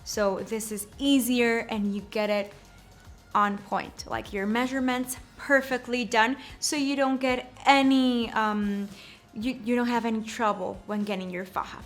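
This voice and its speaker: Slow-talking young woman giving a how-to. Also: fairly high pitch, fairly even intonation, soft background music. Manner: slow, repeats words and checks in with "okay?". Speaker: shapewear presenter. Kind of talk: casual how-to demonstration.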